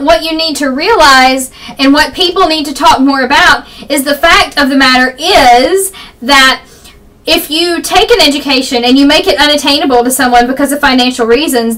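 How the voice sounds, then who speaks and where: A young woman with a high, bright voice talks rapidly and rambles through her opinions in a casual home vlog. Her voice is a little froggy. She sounds some distance from the camera mic. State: slightly froggy voice. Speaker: vlogger. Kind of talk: fast casual political vlog.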